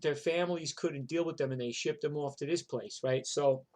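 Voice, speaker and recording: Older New man, slightly high voice, rambling profane storyteller. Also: moderate pace, a little mellow. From New York. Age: 60s. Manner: rambling and profane, full of "like" and "you know". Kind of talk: casual spoken memoir.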